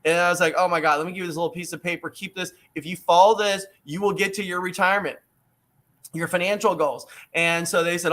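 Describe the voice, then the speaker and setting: A man's voice: high voice, fairly even intonation, fast, sharp tone. A middle-aged man on a video call, telling a story animatedly and with emphasis, acting out the voices he quotes. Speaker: book author guest.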